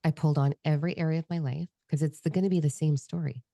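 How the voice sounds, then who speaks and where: A woman's voice: low voice, steady tone, fast talker, gravelly, warm tone, no room sound, clean studio sound. A woman speaking as a podcast guest, blunt and profane, emotionally open in a candid conversation at her desk at home.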